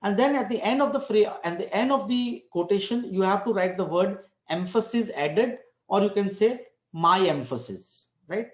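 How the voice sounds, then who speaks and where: Here a lecturer teaching online has a high, expressive voice, a moderate pace, and almost no pauses, with the room echoing around him. He walks through ideas step by step, restarting often and tagging on frequent "right?" questions.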